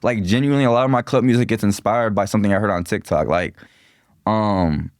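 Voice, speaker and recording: Low-voiced young guy from minneapolis, laid back, lots of "like", dry close sound. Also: brisk, dry recording. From Minneapolis, USA. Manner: relaxed and rambling, heavy on "like" and slang. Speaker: guest rapper. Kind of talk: casual podcast interview.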